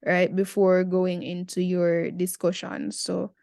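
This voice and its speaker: A woman's voice: fairly low pitch, monotone, slow, gravelly, darkish tone, no echo, studio quality. A Jamaican woman in her twenties, talking through an essay in a casual, chatty tutorial with slangy asides. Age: 20s.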